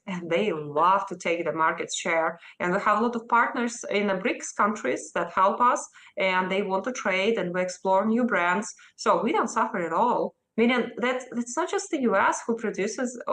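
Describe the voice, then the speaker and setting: A woman's voice: mid-range voice, fairly bright tone. A woman in her thirties from Russia with a Russian accent, answering a news interviewer emphatically and insistently. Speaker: interview guest.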